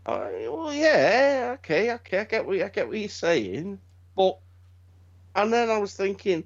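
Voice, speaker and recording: A middle-aged man, chatting casually as a podcast co-host and telling stories in an animated, sweary way. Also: high voice, unhurried, creaky. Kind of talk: casual chat. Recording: dull lo-fi sound.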